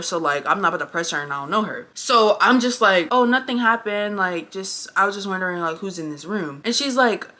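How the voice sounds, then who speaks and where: A young woman telling a story on her vlog in a casual, animated, blunt way, cursing often, recorded indoors at close range. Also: on the low side. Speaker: vlogger. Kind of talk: casual storytime while getting ready.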